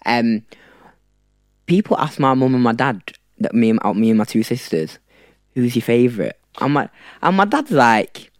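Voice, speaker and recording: A man's voice: medium pitch, lively intonation, normal speed, dry recording, studio quality. A young man in his twenties as a podcast guest, talking informally with many hesitations and restarts. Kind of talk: casual chat.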